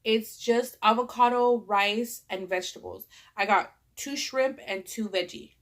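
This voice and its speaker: Congested from a cold, a young woman with a Californian accent eats and chats in a vlog, her talk loose, rambling, and full of "like" and fillers. Her voice is a little high and her delivery unhurried.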